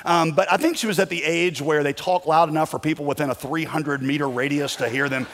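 A man's voice: on the high side, fairly even intonation, brisk, fairly bright tone. Male pastor telling a story in a hall. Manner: conversational, self-deprecating storytelling with fillers. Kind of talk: sermon storytelling.

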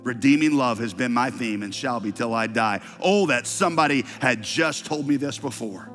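A man's voice: medium pitch, normal speed, hardly any pauses. A male preacher tells a story from the pulpit, his mid-range voice rising with fervor as he reads. The sound carries a long hall reverb with faint music behind it. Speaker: pastor. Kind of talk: sermon.

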